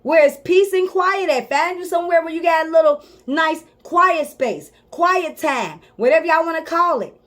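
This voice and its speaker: A woman life coach delivers a motivational talk directly to her viewers, informal and emphatic, repeating key points to make them stick. Her voice is extremely high and a bit bright, animated, at a normal speed.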